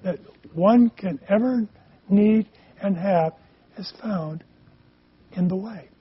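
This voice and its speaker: High-voiced husky male preacher. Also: muffled recording. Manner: speaks in short phrases, pausing for the interpreter. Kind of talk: sermon with live interpretation.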